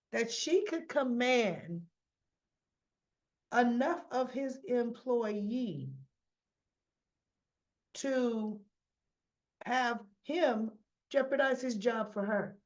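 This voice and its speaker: Slow, chatty woman recapping a soap. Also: on the high side, darkish tone, lo-fi sound. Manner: chatty, opinionated, talks straight to viewers; acts out the characters' lines in her retelling. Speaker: soap opera recap host. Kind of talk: casual spoken recap to viewers.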